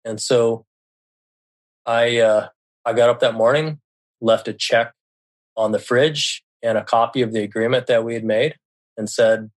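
A middle-aged man with a medium-pitched, fairly even voice tells a personal story in casual speech. He talks haltingly, often stopping to restart and correct himself.

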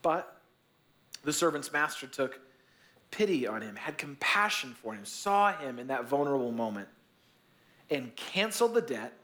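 A man's voice: mid-range voice, very animated, normal speed, long pauses, fairly bright tone. A male pastor giving a sermon, telling a story in a casual, conversational way with joking asides.

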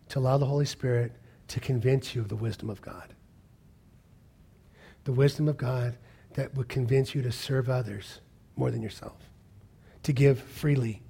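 A male pastor preaching a sermon with passion, rising to loud peaks and dropping to hushed whispers. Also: mid-range voice, creaky, husky.

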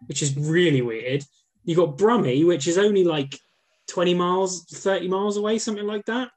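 Male co-host, slightly high voice, casual and sweary. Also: normal speed. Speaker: podcast co-host. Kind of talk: casual chat.

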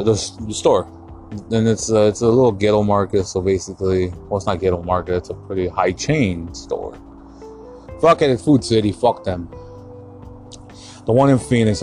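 A man's voice: fairly low pitch, a little mellow. Profane, heated male podcast ranter. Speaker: podcast host. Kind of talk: casual podcast rant.

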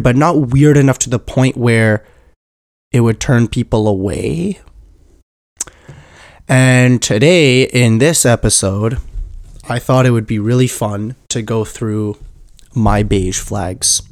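A man's voice: medium pitch, darkish tone, no echo, clean studio sound. A man hosting a casual solo podcast, his voice stuffy from a cold, rambling and joking at himself as he trips over his words. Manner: rambling, self-mocking, stumbles over words. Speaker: podcast host.

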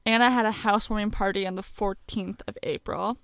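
A young woman co-hosts a podcast and tells a personal story, chatty and candid, with plenty of casual fillers. Her voice is smooth and clear. The sound is dry and close. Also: mid-range voice, fairly even intonation, a little fast, fairly bright tone, dry recording. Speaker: podcast co-host.

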